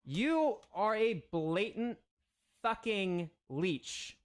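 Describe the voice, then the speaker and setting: High-voiced man in a profane angry rant. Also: big pitch swings, drawn-out words. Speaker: livestream host. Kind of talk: profane ranting livestream commentary.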